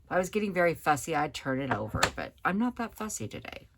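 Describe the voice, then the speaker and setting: A woman with a low, gravelly voice talks through a card-making tutorial in a relaxed, chatty way. She explains each step as she works at her table, with faint tool clicks in the background. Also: fast, noisy background. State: hiccups. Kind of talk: hands-on craft tutorial.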